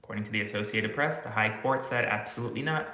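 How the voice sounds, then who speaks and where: Man commentator, sharp bright voice, echoey room. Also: fairly low pitch, fast talker. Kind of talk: short news commentary.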